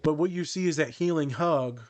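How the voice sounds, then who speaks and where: A man's voice: on the high side, brisk, darkish tone. Candid, profane man telling therapy stories. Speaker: therapist and podcast host. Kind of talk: casual podcast discussion.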